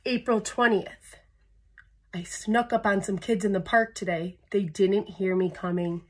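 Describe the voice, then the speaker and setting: A woman's voice: mid-range voice, fairly even intonation, measured pace, breathy edge. A woman reading a children's picture book aloud at storytime, adding playful sound effects and chatting to young listeners between pages.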